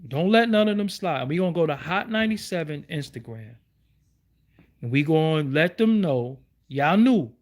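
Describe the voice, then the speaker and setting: Heated high-pitched New man ranting. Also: lively intonation, moderate pace. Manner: heated, repetitive rhetorical questions. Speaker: YouTube show host. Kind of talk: livestream rant.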